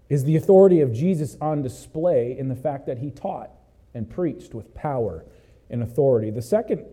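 A male pastor with a slightly high voice preaches emphatically. He alternates loud exhortation with hushed asides and calls out "Amen?" to the congregation.

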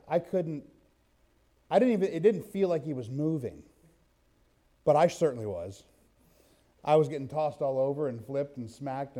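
Mellow-voiced man preaching a sermon. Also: on the high side. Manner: conversational storytelling, reads scripture aloud. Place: church.

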